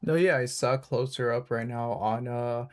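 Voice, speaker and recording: A man's voice: mid-range voice, fairly even intonation, moderate pace. A man hosting a casual live election stream, joking and teasing his co-hosts between remarks. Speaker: livestream host.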